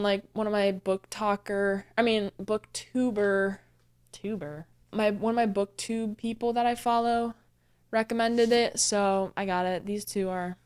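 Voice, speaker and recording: A woman's voice: medium pitch, a little mellow, smooth. A young woman in her twenties, hosting a casual book recap vlog, chatty and rambling, with lots of fillers and self-corrections. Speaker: booktuber host.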